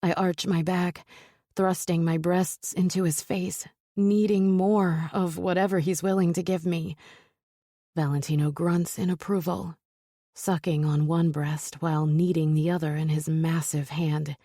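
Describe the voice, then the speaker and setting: A woman reads a first-person romance audiobook in a low, mellow voice with a breathy, husky edge. Her delivery is intimate and close, and the studio sound is completely dry. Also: little pitch movement, measured pace, no room sound. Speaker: audiobook narrator.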